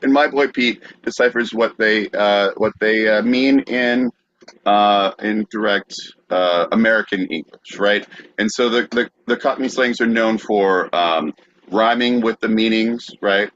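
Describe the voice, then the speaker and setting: A man co-hosting a podcast, playful and hesitant, filling pauses with many uhs. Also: fairly low pitch, a bit bright. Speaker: podcast co-host. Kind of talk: casual comedic chat. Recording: dull lo-fi audio.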